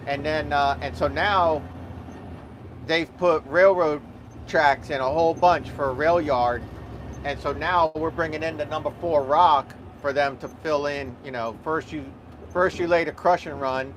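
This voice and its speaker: A man chats in a rambling, joking way from the cab of his truck. His voice sits a touch high, and the talk wanders with fillers. A faint engine rumble runs under it all. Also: fairly bright tone. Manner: rambling, jokey, easygoing, thinks aloud with fillers. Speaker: dump truck driver vlogger. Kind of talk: casual live vlog while driving. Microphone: small camera or phone mic in the cab.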